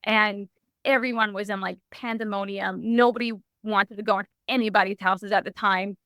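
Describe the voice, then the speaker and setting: A young adult woman sharing a personal story in a podcast interview, animated and full of "like" and restarts. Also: medium pitch, moderate pace, dry recording. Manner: animated, heavy use of "like", frequent restarts. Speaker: podcast guest.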